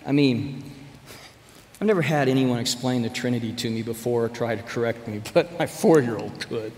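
A man's voice: medium pitch, normal speed, darkish tone, a little hiss or hum. Emphatic preacher man in a hall. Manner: conversational, emphatic, addresses the congregation directly. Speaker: pastor or church speaker. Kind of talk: sermon storytelling. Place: church sanctuary with an audience. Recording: reverberant hall, faint room ambience.

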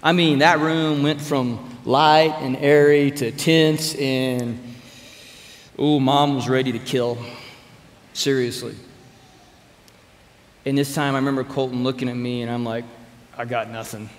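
A man's voice: medium pitch, steady tone, unhurried, long pauses. Emphatic preacher man in a hall. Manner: conversational, emphatic, addresses the congregation directly. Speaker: pastor or church speaker. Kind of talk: sermon storytelling. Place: church sanctuary with an audience. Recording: reverberant hall, faint room ambience.

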